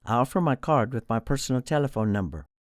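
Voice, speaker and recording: A man's voice: mid-range voice, expressive, fast, no echo, studio quality, lightly acted. Man doing a courteous Jamaican hotel director. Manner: formal, polite, welcoming.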